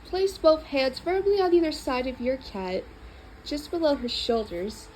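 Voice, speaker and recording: Lively high-voiced woman reading a storybook. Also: unhurried, a little hiss or hum, poor audio. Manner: expressive, playful reading. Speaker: storybook reader. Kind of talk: reading a children's book aloud.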